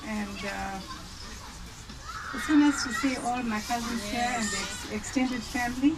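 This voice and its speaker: A woman with a South African accent gives an informal, hesitant speech to her family at a reunion, pausing often on fillers. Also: a little high. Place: outdoor family gathering. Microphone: phone recording from a distance. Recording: distant phone recording with background noise.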